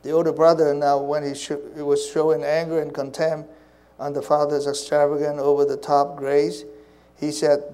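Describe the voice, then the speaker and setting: Earnest male preacher with a fairly high, steady, mellow voice. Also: normal speed, poor audio. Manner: earnest, repeats phrases, drops to soft hushed tones. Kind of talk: sermon.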